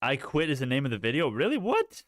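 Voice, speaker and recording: A man's voice: mid-range voice, very fast, a bit bright, no room sound, studio quality. A young man hosting a casual stock live stream, rambling, reading the chat and restarting sentences.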